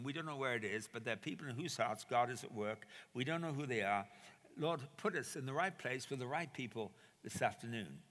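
A man telling a personal story in a sermon, animated and acting out the quoted dialogue. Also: mid-range voice. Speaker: preacher. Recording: reverberant hall.

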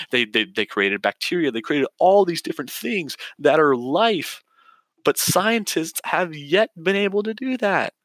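A man's voice: medium pitch, fairly bright tone, no room sound. A young man hosting a solo podcast, reading an earnest argumentative script with frequent stumbles and restarts. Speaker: podcast host.

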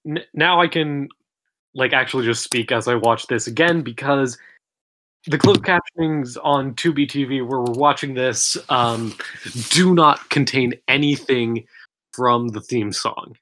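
A woman from the Philippines co-hosting a podcast, chatting casually with animated, sarcastic asides. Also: a bass voice, a little slow, slight background noise. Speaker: podcast co-host. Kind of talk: casual chat.

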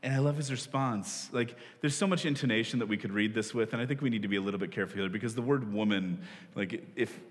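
A man's voice: lowish voice, fast. A man in his forties, a pastor preaching a sermon in a loose, conversational way, often laughing at himself. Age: 40s. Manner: conversational, self-deprecating, with frequent laughs and restarts. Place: church hall. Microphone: stage microphone. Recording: long reverb of a large hall.

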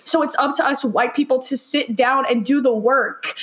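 A woman's voice: high voice, normal speed, few pauses, a bit bright. A young woman co-hosting a podcast, talking earnestly and emotionally, with "like" threaded through nearly every sentence. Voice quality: earnest, heavy use of "like" as filler. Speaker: podcast co-host. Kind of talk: emotional personal podcast talk.

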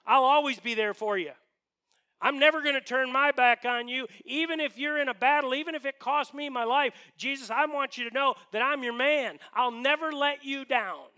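A preacher acting out a brash young male disciple who swears he will never quit, loud and swaggering, in a high, bright, cutting voice. He talks big and casual, like a buddy promising to have your back. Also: lively intonation, fast. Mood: bragging. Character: boastful loyal male disciple, brash and eager.

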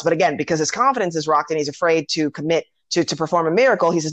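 A woman tells a film story with relish, jumping into the characters' lines and cursing freely. Her voice sits a touch low and sounds close and dry. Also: quick pace, hardly any pauses, no echo. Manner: animated storytelling with acted-out quotes and swearing. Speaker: podcast host. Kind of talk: casual chat retelling a film.

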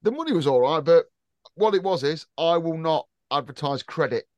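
A man's voice: a little high, expressive, moderate pace, no echo, highs cut off. A man hosting a podcast in casual chat, blunt and teasing, swearing freely. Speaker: podcast host.

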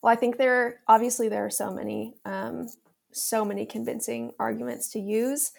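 A woman guest speaking in a gentle, matter-of-fact way. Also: a little high, steady tone, moderate pace, gravelly.

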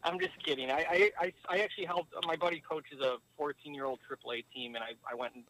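A man from the States tells a rambling story as a guest, with lots of fillers along the way. His voice sits a touch high for a man and swings lively in pitch as he gets going. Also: fast, a little hiss or hum, low-quality recording. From United States. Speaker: guest, former pro hockey player. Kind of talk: casual storytelling interview.

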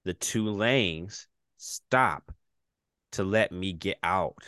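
A man's voice: smooth, no room sound, clean studio sound. A man co-hosting a podcast in casual chat, telling stories expressively and laughing often. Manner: slow, deep and expressive, laughing between lines. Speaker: podcast co-host.

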